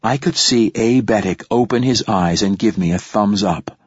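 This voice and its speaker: A man narrating a story in the first person, in a steady, measured way. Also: on the low side, husky, no room sound. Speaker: audiobook narrator. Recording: dull lo-fi dry recording.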